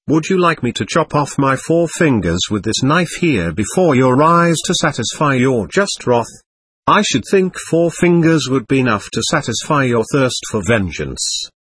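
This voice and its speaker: A man playing a ragged older captain in a storybook, defiant and half mad with grief, his voice husky and swinging up and down as he mocks and pleads. He talks in bitter, theatrical bursts, grovelling one moment and defiant the next. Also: medium pitch, sing-song, moderate pace, a bit bright, no echo. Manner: bitter, theatrical, self-abasing. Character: poor, defiant, buffoonish older male captain.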